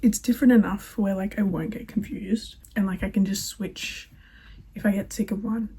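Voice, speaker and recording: A woman's voice: medium pitch, fairly even intonation, normal speed, warm tone, rough recording. A young woman, a nursing student, chatting candidly to camera from her car, with lots of "like" and "um". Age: young adult. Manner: chatty, candid, filler-heavy. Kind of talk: casual chat to camera. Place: inside a car. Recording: car interior with noise behind. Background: car and road noise.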